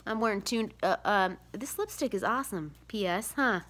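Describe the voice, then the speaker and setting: A woman's voice: medium pitch, normal speed, a bit bright. A tired woman in her thirties talking to the camera in a rambling, tearful confessional vlog, full of fillers and sighs. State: tired, close to tears. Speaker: vlogger, mother of seven.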